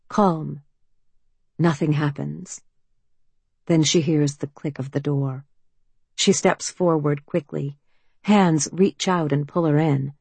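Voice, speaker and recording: Woman narrator, breathy and unhurried, reading suspense fiction. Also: deep voice, dry recording. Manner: slow, hushed, tense storytelling. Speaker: audiobook narrator. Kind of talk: scripted narration.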